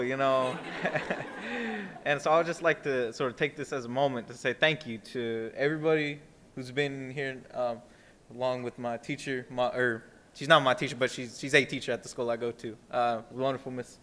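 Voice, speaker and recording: A man's voice: medium pitch, fairly even intonation, normal speed, a bit bright, a little hiss or hum. A young man from Texas, a student, giving an informal and earnest conference speech full of fillers and restarts. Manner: rambling, earnest, many fillers. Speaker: student speaker. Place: museum conference hall.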